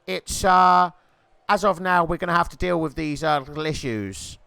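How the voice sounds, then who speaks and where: A man doing jokey football-style commentary over a video game match, rising to shouts at near misses and goals. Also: fairly high pitch, normal speed, creaky, clear, resonant tone, no echo.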